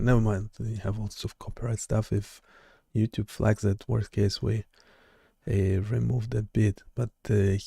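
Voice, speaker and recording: A man hosting a live coding stream, chatting casually and haltingly with lots of fillers and restarts. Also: on the low side, vocal fry, dark tone, slightly rough, no room sound, studio quality. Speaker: live-stream host and developer.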